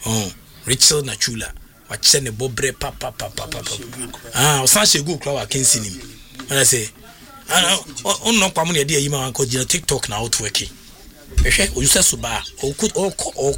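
A man giving casual sports news commentary, talking excitably with emphatic repetitions and frequent restarts. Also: mid-range voice.

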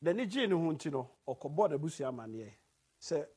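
A man hosting a casual conversation, telling stories in an animated way with English phrases mixed in. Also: on the high side, brisk, slightly rough.

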